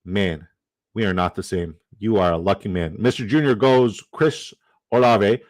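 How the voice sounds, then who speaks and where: A man's voice: lowish voice, normal speed, no room sound, poor audio. A man hosting a fantasy football livestream, chatting casually, joking and reading out the chat. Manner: upbeat, jokey, reads chat aloud.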